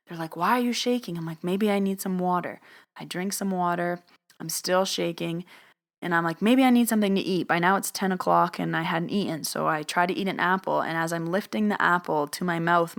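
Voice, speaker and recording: A woman telling a personal story in a podcast, animated, acting out other people's lines as she goes. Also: on the low side. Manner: animated retelling, acts out others' voices in quotes. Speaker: medium telling her story.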